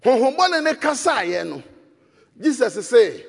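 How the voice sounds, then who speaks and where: A man with a Ghanaian accent preaching a sermon, shouting for emphasis and switching between English and Twi, in a hall with long reverb. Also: very high-pitched, big pitch swings, measured pace, gravelly, pauses often, breathy edge.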